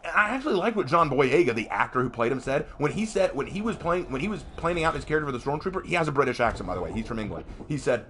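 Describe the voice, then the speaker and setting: A man's voice: medium pitch, sing-song, fast, few pauses, fairly bright tone, slight background noise. A man streaming a game and commenting casually, ranting emphatically with frequent restarts.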